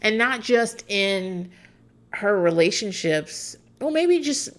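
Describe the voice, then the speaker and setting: A woman's voice: medium pitch, big pitch swings, takes it slowly. A woman in her thirties, casually and opinionatedly recapping a reality show as a podcast host, rambling with plenty of fillers. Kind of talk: casual chat.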